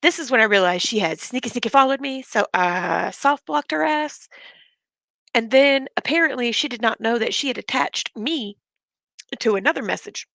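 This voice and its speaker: A woman's voice: on the high side, expressive, moderate pace, gravelly, fairly bright tone, dry recording. A woman ranting bluntly and with a lot of swearing in a casual live stream, sick with covid and short of breath. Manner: blunt, profane, fired-up. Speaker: livestreamer.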